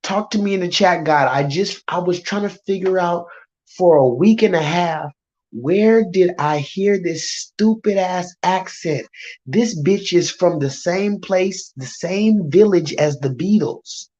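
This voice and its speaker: A woman's voice: fairly low pitch, a little slow, darkish tone. A woman hosting a live-stream reaction, brash and profane, talking straight to her chat. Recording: muffled lo-fi stream audio.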